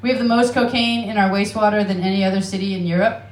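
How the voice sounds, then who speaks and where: A woman's voice: mid-range voice, steady tone, racing, roomy sound. A woman from Alaska with an American accent doing a profane, self-mocking stand-up set in a comedy club. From Alaska, United States. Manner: brash, profane and self-mocking, with laughing asides. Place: comedy club stage in Amsterdam.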